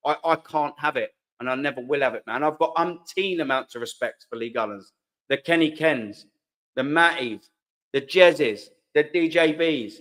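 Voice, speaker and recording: Bloke ranting on his live fan stream, bit high-pitched, says bruv a lot, keeps repeating himself. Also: moderate pace, fairly bright tone. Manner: heated, swearing, repeats himself, slangy. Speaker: host of a live fan channel. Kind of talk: casual live-stream chat, reading comments.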